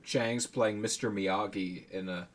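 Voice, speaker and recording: A man's voice: on the low side, steady tone, measured pace. A man co-hosting a pop-culture podcast, chatting casually and joking with his friends. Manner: jokey, quotes lines in put-on voices. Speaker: podcast co-host. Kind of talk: casual chat.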